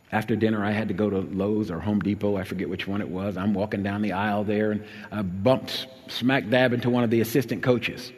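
A man preaching a sermon, telling a personal story, swinging between emphatic appeals and low, quiet recollection. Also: steady tone, a little fast, hardly any pauses. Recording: long hall reverb.

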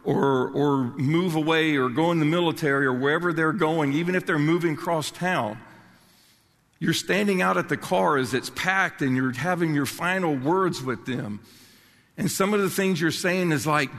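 Brief: older man, passionate pulpit preacher, gravelly voice, long hall reverb. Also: fairly high pitch, moderate pace, fairly bright tone. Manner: passionate, emphatic preaching with restarts. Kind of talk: sermon.

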